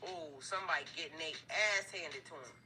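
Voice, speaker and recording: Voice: medium pitch, fairly quick, background noise. A tarot reader giving a casual, blunt reading to viewers, swearing freely, laughing, and getting heated as the cards turn up. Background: background music.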